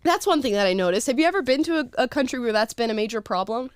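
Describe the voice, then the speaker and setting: An animated American woman hosts a casual talk show and laughs often as she talks. Her voice is smooth and clear, and the sound is close and dry with no room around it. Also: a little high, fast, no echo. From United States. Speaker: host.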